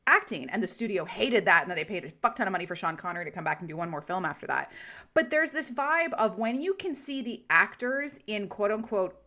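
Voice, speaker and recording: A woman co-hosting a podcast in casual chat, excitable and swearing freely as she talks in quick bursts. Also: medium pitch. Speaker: podcast co-host.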